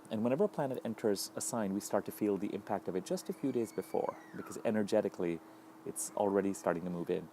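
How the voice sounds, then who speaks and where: A man giving a solo astrology update, thoughtful and unhurried, listing ideas in repeated phrases. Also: deep voice, vocal fry, mellow, slight background noise.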